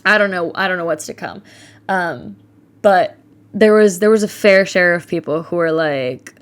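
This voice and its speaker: Young woman, podcast host, casual monologue, candid, swears, animated. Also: lowish voice, moderate pace. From Ohio. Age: 20s. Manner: candid and animated, swears freely, quotes people in mimicked voices.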